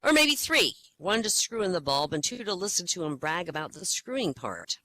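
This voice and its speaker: Animated woman telling jokes. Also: on the low side, normal speed. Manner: animated, acts out characters in jokes. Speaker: joke teller leading the session.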